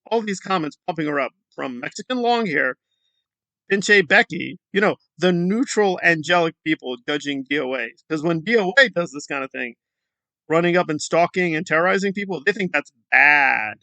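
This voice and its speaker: A man's voice: a little high, animated, moderate pace, vocal fry, bright, forceful tone, no room sound. A man hosting a sarcastic online commentary, scoffing and rambling through asides. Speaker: commentary channel host.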